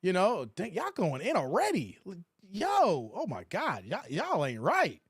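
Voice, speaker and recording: Guy doing livestream reaction commentary, high voice swinging all over, slangy, dry close mic. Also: unhurried, breathy edge, dry recording. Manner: animated, talks to the chat in slang, mocking asides.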